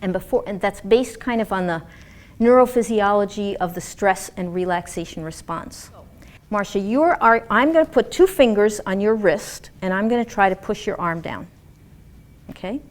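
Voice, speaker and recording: A woman lecturing a class on dance and movement therapy in an animated, demonstrative way, acting out example voices. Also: medium pitch, normal speed.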